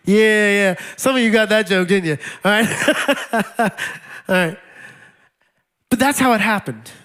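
A man's voice: sits high, slow, a bit bright, clean tone. A male pastor preaching a sermon in a conversational way, with wry laughs and repeated key lines.

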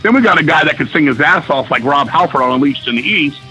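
Middle-aged male musician guest, profane excitable storyteller, bright edgy tone, slightly high voice. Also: quick pace, slightly rough, lo-fi sound, soft background music. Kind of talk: casual storytelling interview.

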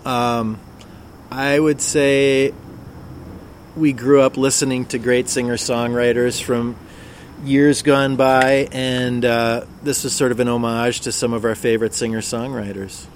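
Musician dude in an interview, mid pitch, pauses to think, outside on a deck. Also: male voice, flat delivery, slight background noise. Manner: thoughtful and halting. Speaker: guest musician. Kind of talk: interview answers. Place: outdoor deck.

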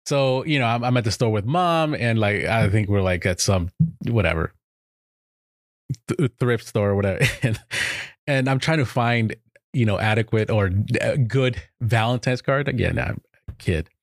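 A man with a low voice that swings widely as he talks. He tells a rambling story in relaxed chat and laughs often. The sound is dry and close. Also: normal speed, no room sound.

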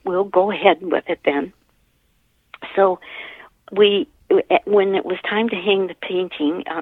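An older woman telling a personal story in an earnest, halting way, often restarting her sentences. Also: fairly low pitch, vocal fry, no room sound. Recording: tinny phone line.

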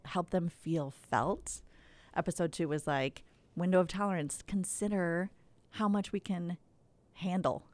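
Woman podcast host, casual chat, lower voice, dry close sound. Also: no room sound. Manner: lively, laughs often, leads the talk.

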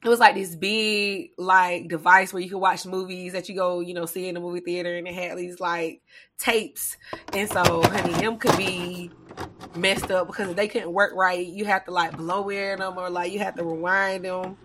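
Woman co-host, bright forceful tone, lively storyteller. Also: on the low side, normal speed, slight background noise. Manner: animated storytelling, laughs often, acts out relatives' lines. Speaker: podcast co-host. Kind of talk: casual chat.

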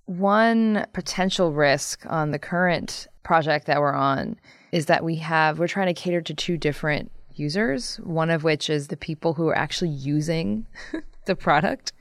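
A woman's voice: low voice, animated, unhurried, dry recording, clean studio sound. A woman designer in a casual chat who talks freely and laughs often.

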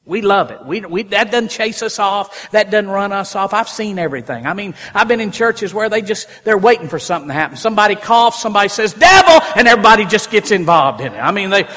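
Man, high voice, preaching a sermon, animated with loud bursts, long church reverb. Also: fast talker, hardly any pauses. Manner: animated, rising to loud exclamations. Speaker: pastor. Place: church sanctuary.

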